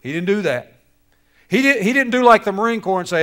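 High-pitched animated preacher man. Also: a little fast. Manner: animated, acts out characters, jokes with audience. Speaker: speaker to youth on bullying. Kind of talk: lively sermon storytelling.

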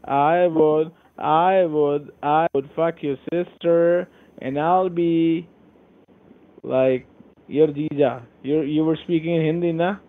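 A man's voice: on the high side, steady tone, slow. A man, a call center agent trading insults on a phone call in English and Hindi. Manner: insulting, taunting, switches between English and Hindi. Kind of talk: abusive phone banter. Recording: tinny phone line.

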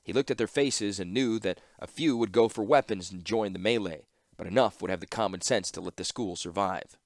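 A man narrating a fantasy story in audiobook style, steady and measured. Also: lowish voice, no room sound, studio quality.

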